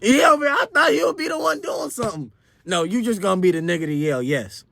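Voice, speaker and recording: A man's voice: high voice, animated, fast, vocal fry, a bit bright. A young man telling a wild party story in a casual, slangy and profane way. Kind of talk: storytime vlog.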